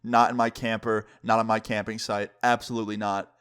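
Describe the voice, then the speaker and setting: A man's voice: fairly low pitch, level tone, a little fast, a bit bright, smooth, natural voice. A young man voicing an angry, protective middle-aged father who swears and threatens.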